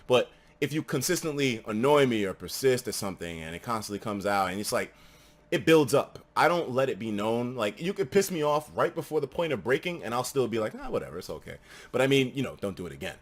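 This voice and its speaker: A young man streaming, telling a story casually, animated and full of swearing, dropping to mutters and then bursting out loud. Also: medium pitch.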